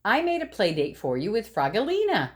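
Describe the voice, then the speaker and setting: A woman voicing a gentle, patient mother frog who speaks sweetly, in a storybook read-aloud. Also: mid-range voice, huge pitch swings, fairly quick, pitched above the performer's own voice. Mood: soothing.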